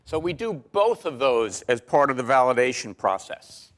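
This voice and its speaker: A man lectures to a university class, his voice sitting at an ordinary middle pitch. He speaks in a measured way, slipping in dry jokes between ums and uhs. He is heard on a lapel mic in a large lecture hall. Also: big pitch swings, fairly bright tone.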